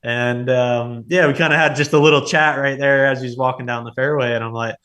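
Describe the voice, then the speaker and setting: A man in his thirties speaks casually at a mid-range pitch. He tells a story as a podcast guest, loose and rambling, with many filler words along the way. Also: a little fast. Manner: relaxed, rambling, full of "like" and "you know". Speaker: interview guest, former hockey player.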